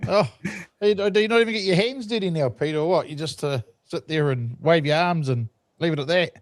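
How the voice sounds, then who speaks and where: A man hosting a casual online chat, relaxed and joking. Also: fairly high pitch, fairly quick, no echo, clean studio sound. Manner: relaxed, friendly banter, laughs often. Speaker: show host.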